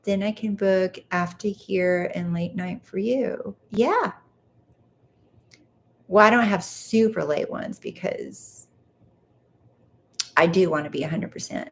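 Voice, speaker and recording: A woman's voice: medium pitch, slow, pauses often. A woman hosting a casual livestream, reading viewer comments aloud and chatting back to them from home. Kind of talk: casual live chat.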